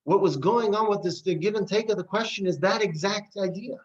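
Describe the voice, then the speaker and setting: A man's voice: high voice, fairly quick. Earnest man lecturing on old texts. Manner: earnest, animated, reads and paraphrases text aloud. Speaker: rabbi teaching a class. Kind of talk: classroom lecture on Jewish texts. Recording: dull lo-fi recording.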